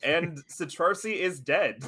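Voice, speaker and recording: A man's voice: a little high, takes it slowly, pushed and bright, husky. A man running a tabletop role-playing game on a live stream, narrating scenes in an easygoing way and laughing often. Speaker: game master.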